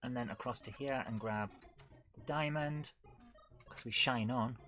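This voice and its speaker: A woman's voice: rumbling low, a little slow, fairly bright tone, faint music behind. Chatty woman streaming a retro game. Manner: chatty, giggly, reads chat aloud. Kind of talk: casual live-stream chat while gaming.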